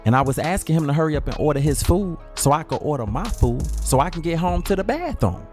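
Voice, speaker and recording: A man's voice: on the high side, lively intonation, fast talker, a little mellow, faint music behind, voice pushed up, natural voice. A man voicing a tough, foul-mouthed middle-aged mother with a hot temper, in a comedic storytelling skit. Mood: cocky. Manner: brash and profane, swinging from cocky to screaming rage.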